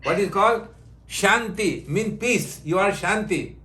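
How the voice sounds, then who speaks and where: An older man, a spiritual teacher leading an online satsang in broken English, joking gently and giving blessings. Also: sits high, measured pace. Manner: warm joking, broken English, chants and sings. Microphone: video call. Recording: echoey room over video call.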